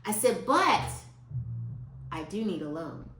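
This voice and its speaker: A woman, telling stories to her viewers in a chatty, expressive way. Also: on the low side, takes it slowly, echoey room, soft background music. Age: 50s. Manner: chatty and expressive, quotes people in lively voices. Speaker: vlogger. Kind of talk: casual storytelling to viewers.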